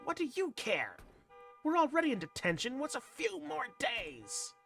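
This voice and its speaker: A man's voice: extremely high pitch, wildly swooping pitch, normal speed, gravelly, a bit bright, soft background music, voice pushed up, exaggerated voice. A man voicing a foul-mouthed, angry winged dinosaur girl in a video game, snapping crude insults. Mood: hostile.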